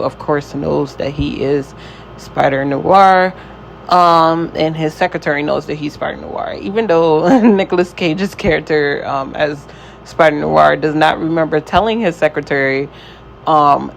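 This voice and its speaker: A man giving a casual spoken review of a show, rambling in a relaxed, slangy way and filling pauses with "um" and "like". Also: a little high, slight background noise, low-quality recording. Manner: rambling, filler-heavy, with frequent "um" and "like"; slangy and laid-back.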